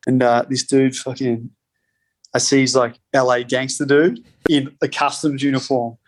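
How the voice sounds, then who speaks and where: Man, podcast guest, loose anecdotal storytelling, profane, mid pitch. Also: little pitch movement, moderate pace. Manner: rambling, heavy swearing, laughs between lines. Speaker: podcast guest, spirits company co-founder. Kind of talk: casual storytelling.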